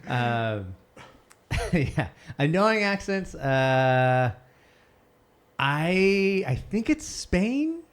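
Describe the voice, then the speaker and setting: A man co-hosting a podcast in casual chat, chatty and quick to laugh, often trailing off. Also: on the high side, very animated, clean tone. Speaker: podcast co-host.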